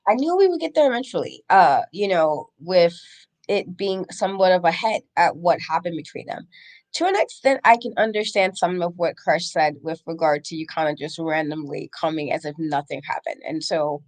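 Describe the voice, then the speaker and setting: Woman cohost in casual chat, gets lively and high when she quotes people. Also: moderate pace. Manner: animated, quotes people with rising pitch. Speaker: podcast co-host.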